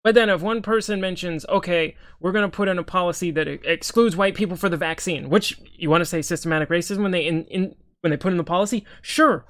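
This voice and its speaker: A man's voice: high voice, quick pace, hardly any pauses, fairly bright tone, no room sound, studio quality. A young man giving heated reaction commentary on a video, often stammering and repeating words. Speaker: political commentator.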